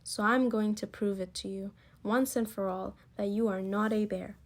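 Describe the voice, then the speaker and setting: A woman voicing a smug male factory president in a storybook, speaking quietly and matter-of-factly. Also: mid-range voice, fairly even intonation, moderate pace, background noise, close to an everyday voice. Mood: dismissive.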